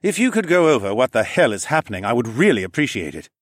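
A man's voice: medium pitch, big pitch swings, fast talker, no room sound, studio quality. A male narrator voicing a tired, worn-down male engineer. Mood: exasperated. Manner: weary, resigned. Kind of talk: audiobook character voice.

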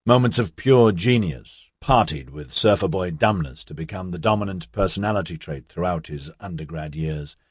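Male audiobook narrator, low and husky, measured delivery, dry studio recording. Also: expressive, dry recording. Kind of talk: scripted narration.

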